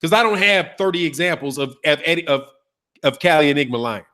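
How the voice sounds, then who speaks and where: A man's voice: a little high, expressive, fairly quick, pushed and bright. A man hosting a boxing talk channel, arguing in a loose, casual way, picking apart words with rhetorical questions and a little street slang. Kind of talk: casual commentary to a live chat.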